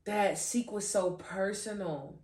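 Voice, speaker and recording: A woman hosting a faith podcast, animated and giggly, often restarting and repeating her phrases as she trips over words. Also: mid-range voice, takes it slowly, recorded from a distance. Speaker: podcast host. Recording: roomy echo, voice off-mic.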